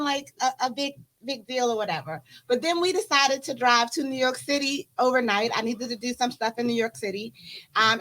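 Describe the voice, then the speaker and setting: A woman co-hosting a group chat, telling a dating story in a lively, dramatic way. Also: high-pitched. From Washington, D.C. area. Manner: lively, dramatic retelling with laughs and quoted voices. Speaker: co-host.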